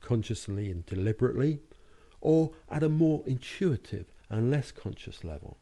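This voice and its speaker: A British man narrating a lesson on hypnotic language patterns, speaking slowly and deliberately with hypnotic phrasing and words marked out by tone. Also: mid-range voice, expressive, gravelly, dark tone. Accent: British English. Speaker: hypnotherapy and NLP trainer. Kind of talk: recorded lesson narration over slides.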